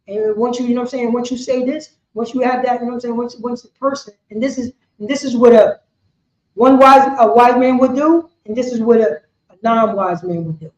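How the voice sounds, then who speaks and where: A high-pitched woman preaches a street-style sermon, circling back over her points with lots of "you know what I'm saying". The sound is echoey and dull, as if captured on a lo-fi recording in a bare room. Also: fairly quick, a little mellow, a little hiss or hum. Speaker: preacher teaching scripture.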